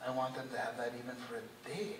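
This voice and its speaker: Impassioned preacher, bright voice, echoing church. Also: male voice, medium pitch, fairly even intonation, quick pace, recorded from a distance, slight background noise. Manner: impassioned, heartfelt, often drops to a hushed earnest tone. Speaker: priest. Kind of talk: sermon. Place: church sanctuary. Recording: echoey church recorded from afar.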